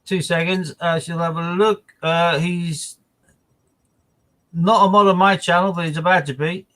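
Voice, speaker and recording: A man's voice: on the high side, steady tone, a little slow, fairly bright tone, rough recording. A man co-hosting a casual live stream, chatty and rambling, with indignant asides.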